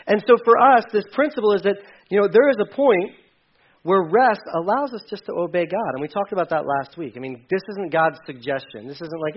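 Man pastor in his thirties, high voice, chatty preaching with loud peaks, dull lo-fi recording. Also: animated, fairly quick. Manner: conversational preaching with emphatic bursts. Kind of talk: sermon. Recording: dull lo-fi sound.

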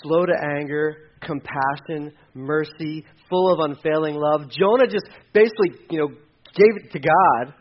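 A man preaching a sermon in a conversational, animated way, acting out quoted voices. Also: on the high side, unhurried, muffled recording. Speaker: pastor.

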